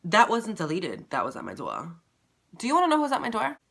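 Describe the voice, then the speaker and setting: Brief: male vlogger, bright sharp tone, animated and profane storyteller. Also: sits high, fast talker, gravelly. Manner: animated, profane, dramatic retelling. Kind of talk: casual storytime.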